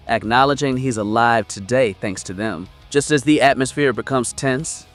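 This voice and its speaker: Man narrating a story recap over faint music. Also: mid-range voice.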